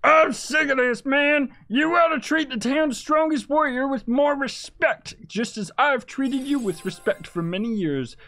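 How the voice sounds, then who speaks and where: A man voicing a proud, hot-headed male warrior who shouts indignantly. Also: very high voice, measured pace, hardly any pauses, pitched above the performer's own voice, full character voice.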